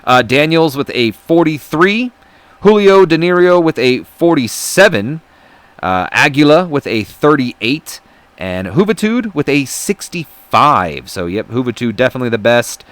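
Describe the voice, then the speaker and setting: Man, let's-play host, casual game commentary, chatty, rambling, self-deprecating, mid pitch. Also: very animated, a little slow, fairly bright tone, dry recording.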